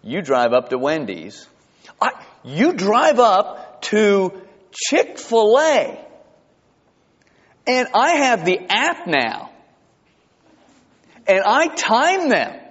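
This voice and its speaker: A man preaches a sermon, telling stories with an animated, rising and falling delivery. His voice sits a little high for a man. The sound is dull and lo-fi, with a long reverb from the hall. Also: extremely slow, long pauses, husky. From South Georgia, US. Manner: animated, storytelling with rises and drops in pitch. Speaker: pastor.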